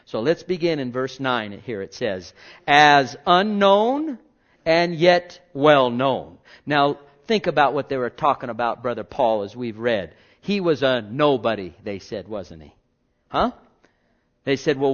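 A man preaching a sermon as pastor, swinging between loud declarations and hushed asides and pressing the listeners with rhetorical questions. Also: mid-range voice. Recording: dull lo-fi recording.

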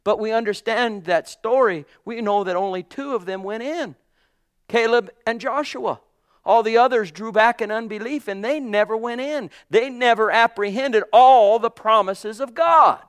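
A man's voice: high-pitched, normal speed, clear, resonant tone, no room sound. A man preaching a sermon with fervent, emphatic delivery and rising exclamations.

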